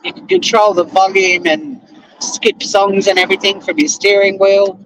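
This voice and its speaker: High-voiced chatty Australian man. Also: level tone, normal speed, fairly bright tone, low-quality recording. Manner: chatty, greets viewers by name, swears casually. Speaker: lawyer and live-stream host. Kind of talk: casual live-stream chat. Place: in a car, driving to work.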